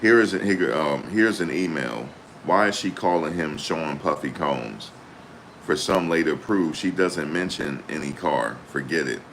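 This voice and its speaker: A male channel host reads court updates aloud and reacts in an animated, blunt, slangy way, swearing freely. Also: rumbling low, measured pace, slight background noise. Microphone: desktop USB microphone.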